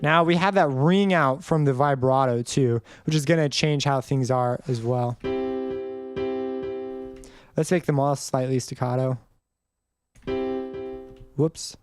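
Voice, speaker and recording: In a screen-recorded tutorial, a young music composition teacher explains music theory casually, rambling a little and singing brief notes to demonstrate. His medium-pitched voice moves slowly, with long pauses.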